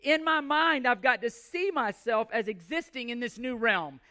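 Male pastor delivering an emphatic sermon; bright, forceful tone. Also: very high-pitched, moderate pace. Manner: emphatic preaching with repeated phrases and scripture readings.

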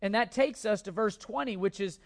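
A man's voice: sits high, a little fast, vocal fry. Male pastor, emphatic sermon delivery, repeats key words for weight. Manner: emphatic preaching with repeated phrases and restarts.

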